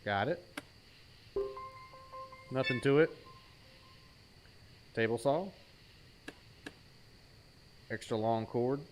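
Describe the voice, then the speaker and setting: Over music, a streamer with a medium-pitched voice draws out his words and leaves long pauses as he plays a horror game. His let's-play commentary is casual and jokey, full of self-teasing, and he names items aloud along the way.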